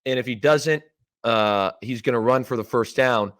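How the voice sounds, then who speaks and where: This Canadian podcast host, a former player in his thirties, speaks in a mid-range voice at a moderate pace. On his casual sports show he animatedly relates a game story, voicing the quoted lines as he goes.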